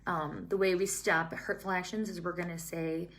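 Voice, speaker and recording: A young woman with a lowish voice explains things to fellow teachers one step at a time. She talks in a calm, steady way. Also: normal speed. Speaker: early childhood teacher. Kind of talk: scripted-feeling teaching talk to staff.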